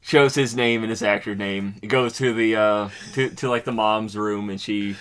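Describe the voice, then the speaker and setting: A young man on a comedy podcast, pitching a made-up sitcom in a halting way with many fillers. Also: steady tone, a bit bright, clean tone. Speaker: podcast co-host. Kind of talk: casual comedy chat, pitching a sitcom idea.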